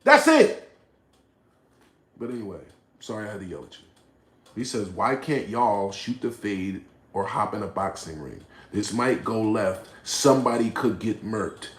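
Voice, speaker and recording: A man hosting a livestream, reading chat aloud and reacting bluntly, swinging between low mutters and loud outbursts. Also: moderate pace, echoey room. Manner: blunt, profane, confrontational. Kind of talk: casual livestream rant.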